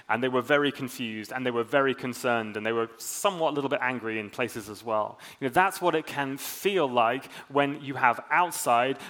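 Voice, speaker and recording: A man's voice: mid-range voice, a bit bright. A man preaching a sermon in a casual, chatty way, with self-mocking humor. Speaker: pastor.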